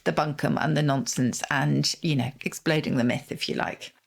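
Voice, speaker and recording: A middle-aged woman, co-hosting a podcast and explaining word origins with relish and quick asides. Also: deep voice, steady tone, vocal fry. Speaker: co-host, word expert.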